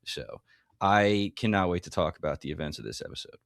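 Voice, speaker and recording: Quick and animated with a creaky edge, this man co-hosts a podcast, eagerly recapping a TV episode and performing lines in a rising pitch. The audio is studio-clean, with no room sound.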